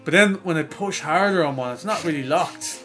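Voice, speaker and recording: A Dublin Irish man on a podcast, telling a rambling pub story full of swearing and acted-out quotes. His voice sits a little high for a man, with faint music playing under the chat. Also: a little fast. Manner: animated, profane storyteller acting out voices.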